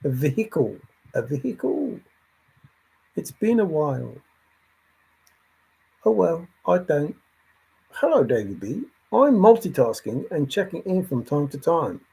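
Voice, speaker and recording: A man's voice: on the high side, very animated, unhurried, gravelly, long pauses, dark tone, slightly rough. A man hosting a livestream, thinking aloud in a rambling way and answering chat comments as they come in. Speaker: livestream host.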